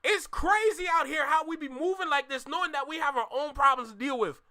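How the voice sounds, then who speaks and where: A young man from Canada riffs through a live reaction stream, exclaiming and throwing in slang as he talks to his chat. His voice sits high and sounds bright and forceful. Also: a little fast. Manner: animated, exclaiming, addresses chat with slang like bro. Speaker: reaction channel host. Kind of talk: casual live reaction commentary.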